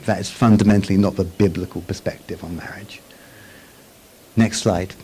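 A man's voice: sits low, fairly even intonation, normal speed, darkish tone, slight background noise, rough recording. A man giving a conversational Bible teaching with slides, often checking in with listeners and restarting his phrases. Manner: chatty, frequent tag questions and restarts.

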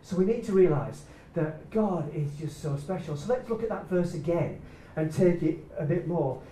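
Animated preacher in an echoey hall. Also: male voice, a little high, moderate pace, recorded from a distance, slight background noise. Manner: animated, shifting between loud bursts and hushed soft lines. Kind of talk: sermon. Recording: echoey room, speaker away from the mic.

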